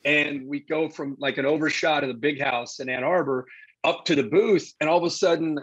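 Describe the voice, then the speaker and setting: Husky animated male storyteller. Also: on the high side, fairly quick, no room sound, muffled recording. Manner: animated anecdote-teller, acts out quotes. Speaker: sports broadcaster guest. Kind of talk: casual storytelling interview.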